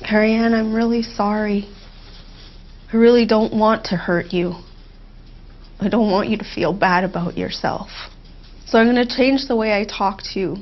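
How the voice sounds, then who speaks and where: A woman as a therapy client, speaking in a heartfelt, halting way with emotional pauses, on a dull lo-fi recording. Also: medium pitch. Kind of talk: emotional therapy role-play.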